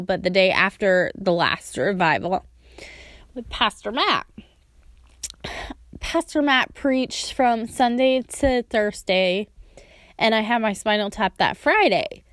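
In a clean studio recording without echo, a woman with a mid-range voice tells an earnest, heartfelt story from her own life. Now and then she voices remembered words as if performing them.

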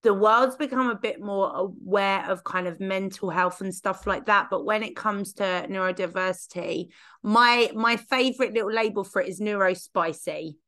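A woman with a croaky voice, hoarse from laryngitis, hosts a relaxed podcast chat. She talks in a bubbly, chatty way and pokes fun at herself. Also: medium pitch, normal speed. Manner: bubbly, chatty, self-mocking. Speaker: podcast host.

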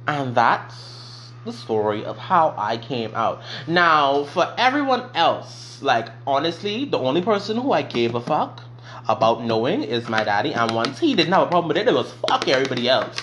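A young man casually telling a personal story on his vlog, profane and animated. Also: medium pitch, normal speed, slight background noise. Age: young adult. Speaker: vlogger.

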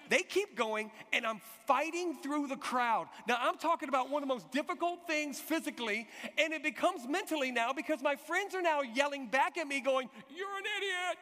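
High, bright-voiced preacher in a reverberant hall. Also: male voice, moderate pace, hardly any pauses. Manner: animated storytelling, shouts acted quotes. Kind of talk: sermon with a personal story. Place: church hall.

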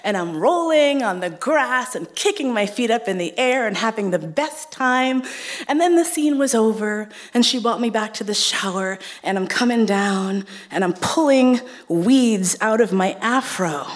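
A woman's voice: on the high side, expressive, measured pace. A woman from New York City telling a true story on stage, frank and playful, swearing freely and laughing as she goes.

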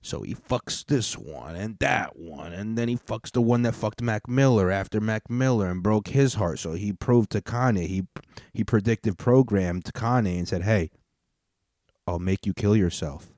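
A man with a lowish, mellow voice rants through a casual comedy podcast, cursing freely and rambling from one thought to the next. He is recorded close and dry. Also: moderate pace, no room sound. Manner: profane, rambling, with frequent restarts. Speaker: podcast host.

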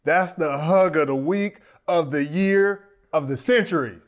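A man voicing a laid-back male teammate on the phone, with a low, easygoing drawl. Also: a little slow, lightly acted. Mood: amused, drawling.

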